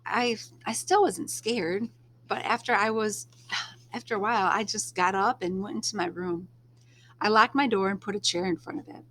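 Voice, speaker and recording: In a medium-pitched voice, a woman narrates a first-person novel in a soft, leisurely storytelling style. Now and then she drops almost to a whisper.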